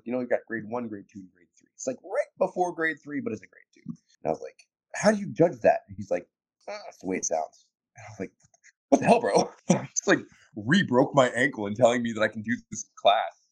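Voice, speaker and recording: A deep, low-pitched man speaks over what sounds like a phone, recounting his service days in an easygoing chat. He laughs often and acts out the back-and-forth of old conversations. The delivery stays loose and conversational. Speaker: interview guest, former Marine. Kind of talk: casual storytelling.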